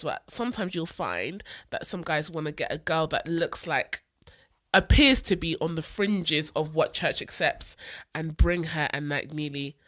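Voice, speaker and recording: A woman's voice: low voice, fairly bright tone. A woman co-hosting a podcast in casual chat, rambling with many fillers and restarts. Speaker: podcast co-host.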